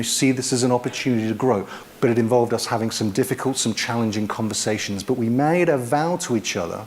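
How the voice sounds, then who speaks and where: A man's voice: medium pitch, darkish tone, a little hiss or hum. A man speaking as a guest at an event, in an earnest and reflective manner. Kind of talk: inspirational talk.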